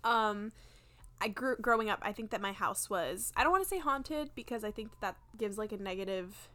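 A young woman co-hosting a casual podcast, telling a ghost story from her childhood in a soft, chatty way. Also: mid-range voice, normal speed. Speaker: podcast co-host.

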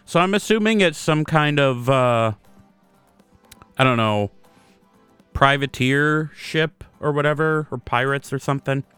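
A man's voice: a little high, a little slow, pauses often, a bit bright, clean tone, no room sound, soft background music. A man hosting a podcast in casual chat, reading listener submissions in a laid-back, self-deprecating way. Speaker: podcast host.

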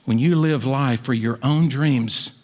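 A middle-aged man preaching a sermon as pastor, swinging from loud, high appeals down to hushed asides. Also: measured pace, in a large hall.

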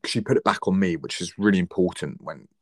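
A man's voice: sits low, quick pace, darkish tone, breathy edge, dry recording, clean studio sound. A young man in his twenties talking earnestly and reflectively, giving heartfelt advice in a casual conversation.

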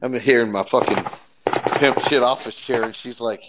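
A man's voice: medium pitch, normal speed, background noise. A young man, rambling through profane, laid-back stories as a podcast co-host. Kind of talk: casual chat. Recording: dull lo-fi sound.

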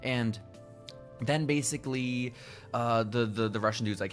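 A young man co-hosting a podcast in casual chat, animated, acting out lines as he retells scenes. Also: medium pitch, a little slow, soft background music. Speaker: podcast co-host.

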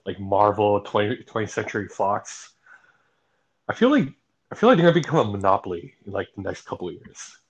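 A man's voice: fairly low pitch, big pitch swings, a little fast, poor audio. A young man co-hosting a casual podcast, talking loosely and packing his sentences with fillers. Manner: filler-heavy, says like a lot. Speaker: podcast co-host. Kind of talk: casual chat.

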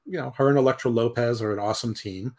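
A man's voice: medium pitch, fast talker. A man co-hosting a podcast in casual chat, opinionated and rambling, often trailing off. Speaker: podcast co-host.

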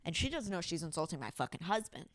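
A woman hosting a casual podcast, telling a story in a blunt, profane, animated way. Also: on the low side, fast, slight background noise. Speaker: podcast host.

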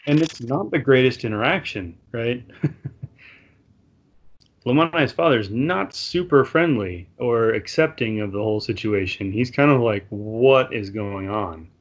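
A man's voice: medium pitch, expressive, moderate pace. A man in a casual religious discussion, chuckling often and acting out the characters' lines for effect. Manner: chuckling, conversational, mock-dramatic quotes. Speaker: podcast co-host discussing scripture.

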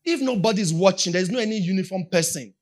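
A Nigerian woman with a Nigerian accent preaching a sermon, repeating her points and building up to shouts. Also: mid-range voice, animated, fast talker.

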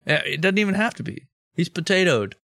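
A man's voice: high voice, animated, a little fast, gravelly, pushed and bright, no echo, clean studio sound. A man co-hosting a comedy history podcast, tossing in wisecracks and riffing on jokes. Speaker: podcast co-host. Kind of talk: casual comedic banter.

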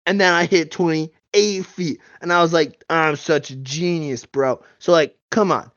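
A man's voice: on the high side, steady tone, unhurried, fairly bright tone, dry recording, dull audio. A man doing an improvised comedy voice of a dim-witted, boastful young male bro skier who talks in slangy surfer-bro drawl.

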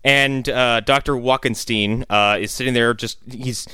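A man's voice: medium pitch, fairly even intonation, unhurried, sharp tone, smooth, no room sound, clean studio sound. Profane man riffing on a bad movie. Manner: rambling, profane, laughing often. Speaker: podcast co-host. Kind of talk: casual comedic movie-riffing chat.

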